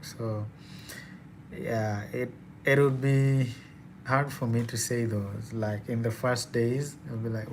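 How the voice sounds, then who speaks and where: Young man, Kenyan accent, slow chatty delivery, mid pitch, laughs often, live Q&A host. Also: steady tone, slight background noise. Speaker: student and live-stream host. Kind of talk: casual live Q&A chat.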